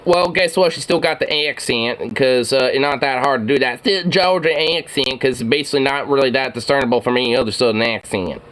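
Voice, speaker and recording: A man's voice: medium pitch, a little fast, hardly any pauses, a bit bright. A man hosting a reaction video, rambling casually with swearing, frequent laughs and many fillers.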